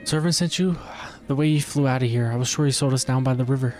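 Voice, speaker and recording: A man voicing a rough, shameless male pirate sailor in a put-on Irish accent, reading game dialogue aloud. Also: mid-range voice, fast, darkish tone, faint music behind, natural voice. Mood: brash.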